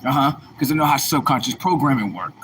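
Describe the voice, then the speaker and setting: A man's voice: mid-range voice, animated, fast, noisy background. A man hosting a livestream, delivering a combative, preachy monologue full of rhetorical questions. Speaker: livestream host.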